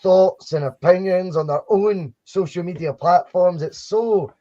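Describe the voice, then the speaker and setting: A man's voice: high-pitched, unhurried, mellow. Chatty man, dull lo-fi sound. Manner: chatty, rambling, frequent restarts. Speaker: podcast co-host. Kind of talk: casual live-stream chat. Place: home studio for a live stream.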